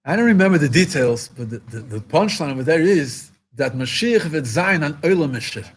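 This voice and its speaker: Rabbi man at a farbrengen, highish voice, kinda husky, gets fired up and repeats himself. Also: lively intonation, a little fast. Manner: impassioned, repeats phrases for emphasis, rising to exclamations. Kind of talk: farbrengen talk.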